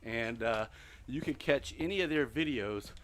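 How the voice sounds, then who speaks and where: A middle-aged man streaming a building game live while walking on a treadmill, out of breath, muttering counts to himself between loud chatty asides to his viewers. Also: medium pitch, moderate pace. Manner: mutters block counts under his breath, then chats loudly to viewers. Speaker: gaming streamer.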